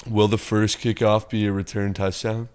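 Laid-back man with a lowish voice. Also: little pitch movement, normal speed, a little mellow, clean tone. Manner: laid-back, laughs often, swears casually. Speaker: podcast co-host. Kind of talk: casual sports betting chat.

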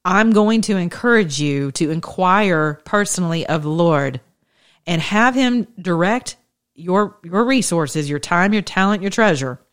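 A woman's voice: fairly low pitch, expressive, a little slow. A woman in her thirties giving an informal, conversational sermon with impassioned, shifting pace. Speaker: preacher.

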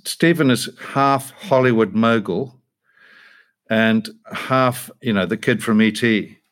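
A man's voice: mid-range voice, slow. A man, an actor being interviewed, telling stories in a self-deprecating, hesitant way with frequent laughs. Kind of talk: relaxed interview storytelling.

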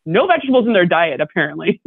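Young woman guest, animated storyteller who laughs a lot, tinny phone-quality audio. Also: on the low side, fast, gravelly, breathy edge, no echo. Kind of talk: casual podcast chat. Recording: dry, tinny phone-like line.

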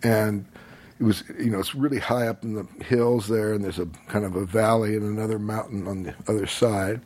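A man's voice: lowish voice, steady tone, a little fast, a little mellow. A man as a podcast guest, telling a long personal story in a loose, rambling way with lots of fillers, often laughing as he talks. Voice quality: husky. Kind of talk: relaxed storytelling.

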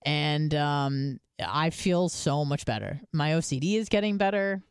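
Woman, podcast co-host, casual storytelling, swears a lot, lowish voice, dry close sound. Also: unhurried, smooth, no room sound. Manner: chatty storytelling, swears freely. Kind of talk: casual chat.

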